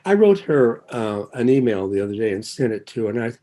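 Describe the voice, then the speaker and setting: An older man tells his own story at a recovery meeting in a warm-hearted, rambling way. He drifts off track, loses his place and finds it again, and lets a soft chuckle slip between thoughts. His tone stays earnest and sincere. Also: mid-range voice, sing-song, fairly quick. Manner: rambling and digressive, loses his thread and circles back. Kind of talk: personal recovery share.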